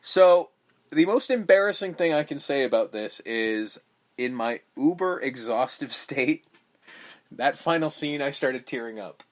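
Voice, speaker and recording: A man's voice: medium pitch, expressive, a little slow. A man in the middle of his range, chatting loosely on a movie podcast. He rambles, swears freely and drifts into retelling scenes. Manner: profane, rambling, acts out quotes. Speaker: podcast co-host. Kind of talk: casual movie-review chat.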